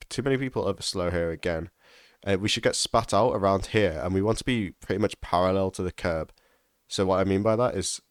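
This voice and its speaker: A man's voice: deep voice, no room sound, studio quality. A man giving casual instructional commentary over a sim racing lap, repeating key tips for emphasis.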